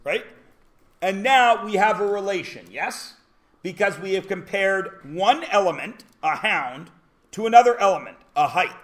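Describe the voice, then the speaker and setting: A man teaching a math class in a classroom, lecturing in a high voice. His pitch leaps and dives as he jokes and rants, now and then bursting into a shout. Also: animated, measured pace. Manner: loud, joking rants with sudden shouts.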